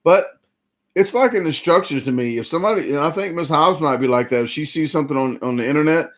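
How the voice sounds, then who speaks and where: Quick and a bit bright, this man's high-leaning voice rambles through a casual live-stream chat. Full and sluggish after a big eating challenge, he chats away and greets viewers by name.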